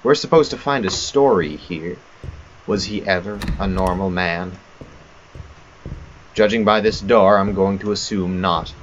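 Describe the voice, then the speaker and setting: A man's voice: sits low, a little slow, long pauses, dull audio, slight background noise. A man giving rambling, self-mocking let's play commentary on a horror game. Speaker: gamer.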